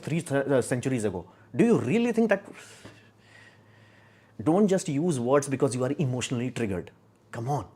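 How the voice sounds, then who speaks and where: A man's voice: medium pitch, darkish tone, slightly rough. A young man from India hosting a casual livestream, talking in a blunt, argumentative, rambling way. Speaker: live stream host.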